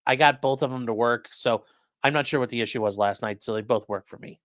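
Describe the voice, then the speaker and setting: A man's voice: medium pitch, a little fast, fairly bright tone, no room sound, clean studio sound. A man hosting a livestream, chatting casually and reading out viewer comments with loose, repetitive phrasing. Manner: loose and conversational, many fillers, repeats phrases. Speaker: host of a legal commentary livestream.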